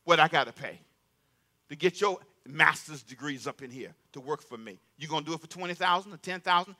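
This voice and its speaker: Male pastor, high and sharp-toned, emphatic call-and-response sermon delivery. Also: expressive, a little fast. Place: church sanctuary.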